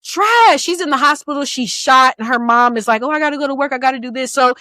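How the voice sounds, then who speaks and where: A woman in her thirties co-hosting a podcast, chatting casually about a book in an animated, playful way and laughing often. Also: sits high, fast talker, dry recording. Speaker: podcast co-host.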